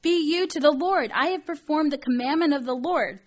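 A woman voicing a self-righteous ancient king, in a high mocking voice, slightly muffled. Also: normal speed, lightly acted. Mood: smug. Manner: high, mocking, overly pleased with himself.

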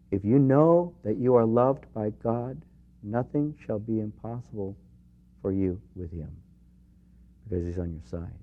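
Here a pastor speaks in a fairly low voice, preaching earnestly and personally. Emphatic questions give way to quiet, intimate remarks, and the recording itself is dull and lo-fi.

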